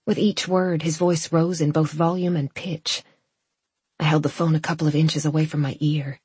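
A woman narrating a first-person audiobook in a measured, reflective way. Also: low voice, little pitch movement, a little mellow, slightly rough, dry recording.

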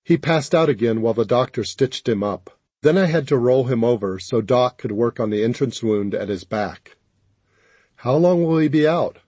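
A man narrating a first-person audiobook in a steady, even storytelling manner. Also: medium pitch, normal speed, husky, no room sound.

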